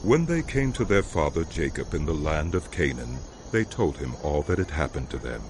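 A male narrator with a very deep voice that moves expressively through its pitch. He tells the story in a measured, scripted way, with faint ambient sound beneath him. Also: sing-song, darkish tone, slight background noise.

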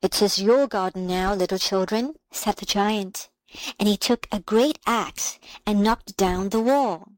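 A woman reading a fairy tale aloud in a calm, measured storybook style. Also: mid-range voice, no echo, rough recording.

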